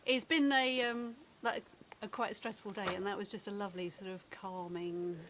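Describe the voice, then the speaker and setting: A woman's voice: mid-range voice, fairly even intonation, moderate pace, fairly bright tone, slight background noise. A woman hosting a live stream from home. She chats casually and uses fillers like "um" and "like". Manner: chatty, with fillers like "um" and "like". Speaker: host.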